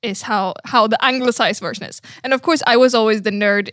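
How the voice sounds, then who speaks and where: A woman's voice: fairly high pitch, brisk, a bit bright, dry recording, clean studio sound. Giggly Swedish woman co-hosting. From Sweden. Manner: giggly, chatty explainer. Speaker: podcast co-host. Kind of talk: casual chat.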